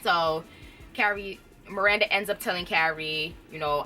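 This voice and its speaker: Female TV reviewer, casual and laugh-prone, bright clear tone, soft music bed. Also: on the low side, steady tone, moderate pace. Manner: chatty, laughs often, fills with "like". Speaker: TV show reviewer. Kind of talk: casual recap chat.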